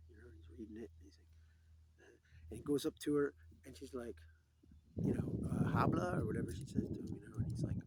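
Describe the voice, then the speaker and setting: The recording carries a little hiss or hum behind a man's mellow, medium-pitched voice. He's a storyteller casually rambling about old cartoon scenes, doing the characters' lines and chuckling at his own jokes.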